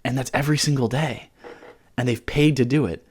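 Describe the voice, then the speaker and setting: A man's voice: medium pitch, fairly even intonation, brisk, a little mellow, husky. A young man co-hosting a podcast, chatting casually in a rambling way, often repeating words and swearing freely. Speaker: podcast co-host.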